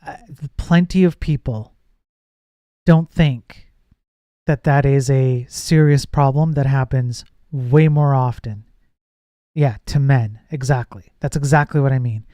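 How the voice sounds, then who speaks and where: With a mellow, medium-pitched voice and a slightly slow pace, a man codes live and chats casually with viewers. He reads chat, thinks aloud, and keeps trailing off and restarting, noting his voice goes nasal when projecting. No echo is present.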